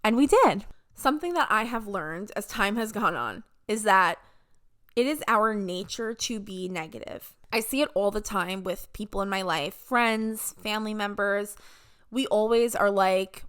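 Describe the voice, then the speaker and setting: A woman's voice: mid-range voice, animated, unhurried, fairly bright tone, clean tone. A young adult woman hosting a podcast, giving an upbeat motivational talk and mimicking voices when she quotes people. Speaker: podcast host. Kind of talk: casual motivational monologue.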